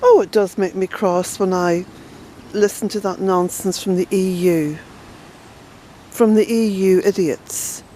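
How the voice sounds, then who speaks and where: An Irish woman chatting her way through a garden tour outdoors, fond and unhurried, with bursts of indignation. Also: mid-range voice, fairly even intonation, dark tone, a little hiss or hum, low-quality recording. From Ireland. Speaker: smallholder and author giving a garden tour. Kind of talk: casual walking garden tour.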